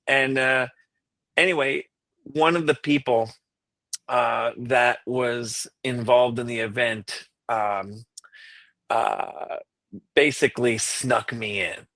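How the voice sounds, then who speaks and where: A man who is a classical tenor, telling a lively story as a podcast guest. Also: mid-range voice, slow, long pauses, no echo. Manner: animated storyteller who acts out quotes. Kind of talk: casual anecdote on a podcast.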